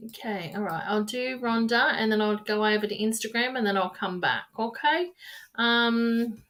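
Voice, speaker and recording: A woman's voice: on the high side, moderate pace, a bit bright. A woman giving live-streamed tarot readings in a rambling, repetitive, affectionate way, calling viewers darling and my loves. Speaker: tarot reader.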